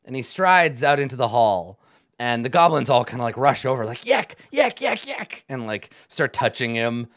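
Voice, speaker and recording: A man running a tabletop game, narrating in a loose, rambling way with lots of fillers. His voice sits at a middle pitch, and the recording is dry and close. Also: moderate pace, a bit bright, no echo. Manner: casual, rambling with many fillers. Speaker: game master.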